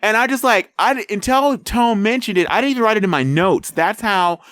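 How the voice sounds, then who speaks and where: A man's voice: sits high, fairly quick, a bit bright, clear, resonant tone, no room sound. A man co-hosting a podcast, chatting casually about a movie trailer and rambling with many fillers and restarts. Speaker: podcast co-host. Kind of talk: casual chat reviewing a trailer.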